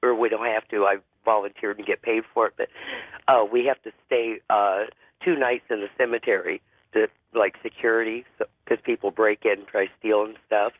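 A man with a deep voice and a cold, calling in to tell a spooky story, halting with lots of fillers. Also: steady tone, no echo. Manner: halting, many fillers and restarts. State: has a cold. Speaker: caller. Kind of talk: phone-in ghost story. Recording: phone line.

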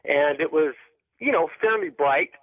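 A man's fairly high voice comes through a narrow phone line as he calls in to a radio show. He rambles and hesitates often, filling gaps with ums and restarting sentences. The line sounds dry and close. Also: animated, measured pace, dry recording. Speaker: caller. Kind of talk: telling a story on a radio call-in show.

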